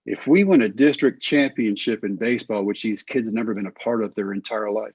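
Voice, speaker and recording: A middle-aged man, a former pitcher, telling his story in an interview and acting out the quoted lines. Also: fairly quick, a little mellow, slightly rough, dry recording, muffled recording. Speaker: guest, former pitcher and coach.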